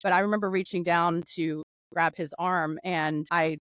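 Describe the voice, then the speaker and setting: Animated woman from North Carolina. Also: on the low side, normal speed, no echo, low-quality recording. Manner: animated, laughing, rambling storytelling. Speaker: guest. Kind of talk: casual conversational interview. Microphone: video call.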